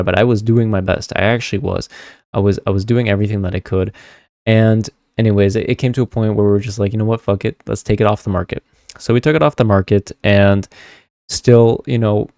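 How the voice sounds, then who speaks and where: A young man telling a story to camera in a casual vlog, animated, swearing freely and talking straight to his viewers. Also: lowish voice, clean tone, no room sound, studio quality. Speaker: spiritual content creator.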